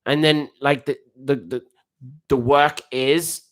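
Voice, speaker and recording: A man's voice: mid-range voice, slow pace. A man giving a casual, rambling live reaction to a football match as a coach, full of restarts and slang. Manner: excitable, rambling, with frequent restarts and slang like "bruv".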